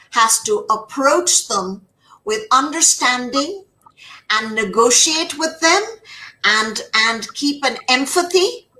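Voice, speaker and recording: A woman's voice: high-pitched, bright, forceful tone, low-quality recording. A middle-aged woman who works as a communication trainer, speaking emphatically in an interview and repeating her words. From United States. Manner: emphatic, repeats words, acts out quoted speech. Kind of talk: conversational interview.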